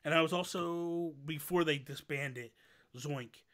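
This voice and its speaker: A man hosting a casual livestream chat, an animated and long-winded storyteller who wanders off on tangents. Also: fairly high pitch, a little slow. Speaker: show host.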